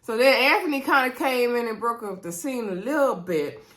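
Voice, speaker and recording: A woman casually recapping a reality dating show, chatty and animated, quoting the cast and talking straight to her viewers. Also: a little high, fairly quick. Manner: chatty, animated, retelling scenes with quoted voices; addresses viewers directly. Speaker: reality TV reviewer.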